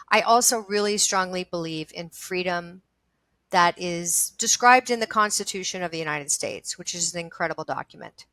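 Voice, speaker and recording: A woman's voice: lowish voice, pushed and bright, no room sound, rough recording. A woman, an actress, speaking as an interview guest and telling a personal story in an earnest, emphatic, heartfelt way, often restarting her sentences.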